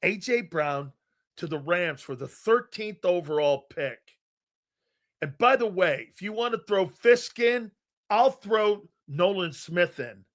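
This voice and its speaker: A man hosting a live sports talk show, loud and excitable, swearing freely and breaking into shouts while he tells stories in quick bursts. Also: sits high. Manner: rapid storytelling with restarts.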